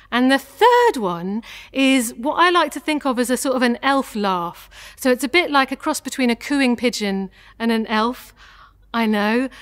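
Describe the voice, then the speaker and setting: A woman voice teacher leading a guided vocal warm-up, gentle and encouraging as she demonstrates each sound. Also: a little high.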